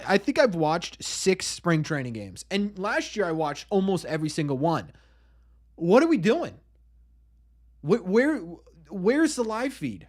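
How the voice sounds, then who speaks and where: A man hosting a casual live stream, greeting viewers in chat by name and ranting excitedly. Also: a little high.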